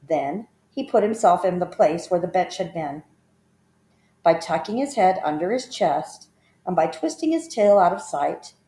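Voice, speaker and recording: Woman reading a children's story aloud; lowish voice, measured and expressive, roomy echo.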